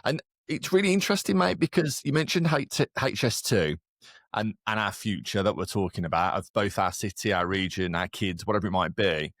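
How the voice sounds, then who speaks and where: A man in his forties with a Birmingham accent who hosts a podcast, talking in an energetic, matey way. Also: on the low side, fairly quick, dry recording, clean studio sound. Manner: energetic and matey, with emphatic rises. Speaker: podcast host. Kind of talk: podcast conversation.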